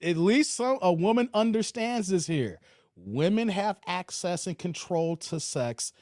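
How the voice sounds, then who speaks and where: A man's voice: a little high, dry recording, studio quality. A man hosting a live reaction stream, giving his take on clips, laughing and reading out comments from chat. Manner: animated, laughing, talks to chat and reads out comments.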